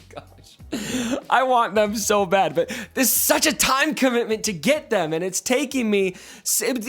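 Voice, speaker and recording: A man's voice: high-pitched, fairly bright tone. A man hosting a casual gaming commentary video, talking in a playfully dramatic, mock-mournful way. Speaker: gaming YouTuber host.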